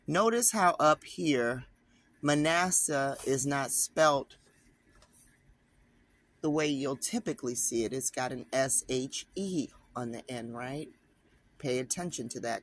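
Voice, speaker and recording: A man's voice: mid-range voice, fairly bright tone. A man teaching online, reading an article aloud and breaking off into casual, emphatic commentary aimed straight at his viewers. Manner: conversational, talks to viewers directly, emphatic asides.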